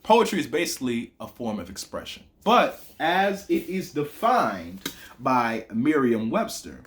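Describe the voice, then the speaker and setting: A man's voice: mid-range voice, slight background noise. A young man with a Southern accent, teaching a playful lesson that mixes in rap bars. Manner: lively, playful, chanting lines slowly for emphasis.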